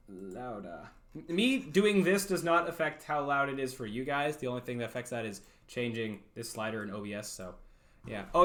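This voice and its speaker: A man's voice: medium pitch, fairly bright tone, slight background noise. A young man chatting casually on a livestream, rambling, self-deprecating and laughing often.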